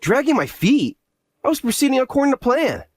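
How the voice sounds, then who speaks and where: A man's voice: very high voice, big pitch swings, brisk, no room sound, studio quality, exaggerated voice. An actor voicing a scheming young man who scolds his sister in an exasperated way in a voiced story drama. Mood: angry.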